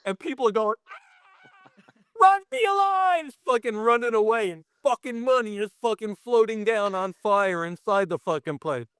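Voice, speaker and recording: Brief: effects-artist guest from Brooklyn, man, raunchy and animated storyteller, slightly high voice, dry close mic. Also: normal speed, hardly any pauses, clean tone, no room sound. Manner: profane, animated, acts out other people. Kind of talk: casual storytelling.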